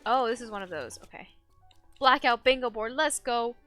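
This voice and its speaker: A woman's voice: on the high side, normal speed, fairly bright tone. A young woman streaming a game live, chatting playfully with her chat and laughing often. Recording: faint game music behind.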